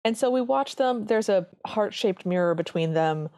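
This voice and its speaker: Woman cohost talking earnestly about a cartoon, mid pitch, dry close mic. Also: expressive, normal speed, dark tone, dry recording. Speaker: podcast co-host. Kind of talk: casual chat reviewing a cartoon.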